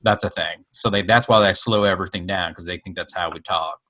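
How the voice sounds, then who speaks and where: A man in casual podcast chat, lively and explaining at length. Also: low voice, fairly quick. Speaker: comedian guest.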